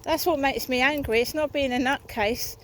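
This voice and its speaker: A woman's voice: high voice, moderate pace, slight background noise, rough recording. A woman vlogging outdoors on a walk, ranting in an aggrieved, rambling way and swearing freely into a phone. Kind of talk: rambling walk-and-talk vlog.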